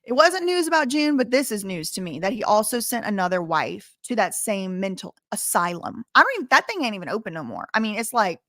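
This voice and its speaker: A woman's voice: mid-range voice, sing-song, a little fast, few pauses, a bit bright, dry recording, clean studio sound. A woman reading a memoir aloud and breaking off into casual spoken asides. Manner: reads passages then breaks off into chatty asides.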